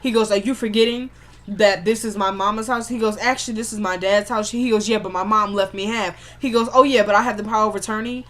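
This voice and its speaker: A woman's voice: mid-range voice, steady tone, a bit bright. Chatty woman recapping a TV episode. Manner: chatty retelling, acting out characters' lines in quick back-and-forth; slangy, loose speech.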